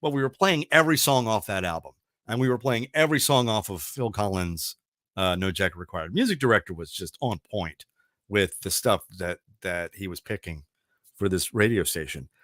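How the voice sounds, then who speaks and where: A man's voice: lowish voice, normal speed, no echo, clean studio sound. A middle-aged man hosting a radio show, chatting casually about music and telling rambling stories. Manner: rambling, animated storytelling with restarts.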